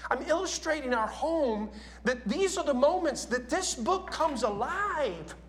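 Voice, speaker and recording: A man's voice: very high-pitched, lively intonation, unhurried, fairly bright tone. A man preaching a sermon in a church, talking casually and asking his congregation questions.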